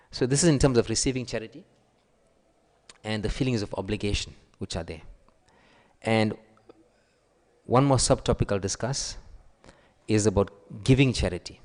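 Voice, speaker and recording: A man giving a sermon, telling stories and acting out the quoted voices with a raised pitch. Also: moderate pace, long pauses, darkish tone. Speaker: preacher. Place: temple hall. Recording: long hall reverb.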